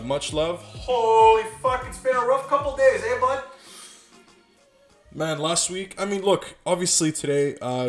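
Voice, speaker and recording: A man hosting a podcast, talking casually in a halting way with restarts and the odd curse. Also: medium pitch. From Canada. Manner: halting, many fillers and restarts, sometimes swearing. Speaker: podcast host.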